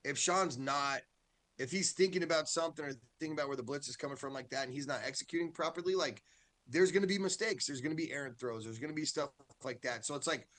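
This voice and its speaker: A man, a high school football coach, talking candidly and loosely in a casual interview, often checking in with "right?". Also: fast talker, a bit bright.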